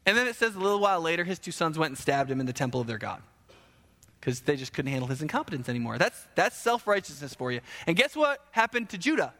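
A man's voice: a little high, fast. A male pastor delivering a conversational sermon, acting out the people he quotes. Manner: animated, conversational, acts out quoted voices. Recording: echoey hall with long reverb.

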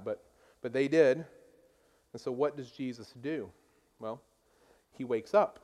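A pastor preaching a sermon, emphatic and conversational, asking his listeners rhetorical questions. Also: mid-range voice.

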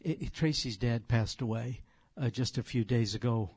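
A man's voice: mid-range voice, normal speed, a little mellow, slightly rough, dry recording, clean studio sound. An older man leading an informal Bible study, emphatic and conversational, speaking directly to his listeners. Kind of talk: informal Bible teaching to a group.

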